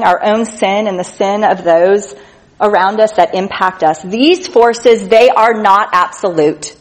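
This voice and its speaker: A woman's voice: mid-range voice, rough recording. Earnest woman preaching a sermon. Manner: earnest, emphatic reading of scripture with slow stressed words; drops soft and quiet on tender lines. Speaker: speaker at a church gathering.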